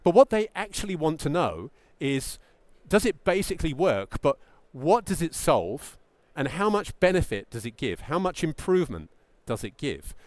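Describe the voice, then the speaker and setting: A middle-aged man coaching founders from the stage, his voice sitting a bit high and swinging widely in pitch as he stresses key words. The sound is dry and close, with no room echo. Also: normal speed, few pauses. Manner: animated, emphatic, acts out mock founder quotes. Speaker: pitch coach giving a talk. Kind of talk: presentation talk to founders.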